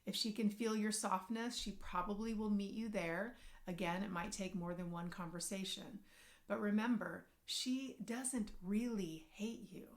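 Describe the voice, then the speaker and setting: A woman working as a parenting coach and social worker, speaking to camera and giving advice directly to parents in an earnest, gentle way. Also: medium pitch, steady tone, a little slow.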